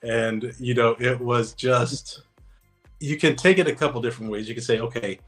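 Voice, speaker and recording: A man of ordinary pitch guests on an interview podcast. He tells stories casually and acts out what people said. Faint music plays beneath his voice. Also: moderate pace, low-quality recording. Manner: easygoing anecdotal telling, acts out dialogue. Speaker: guest, former Navy special operator.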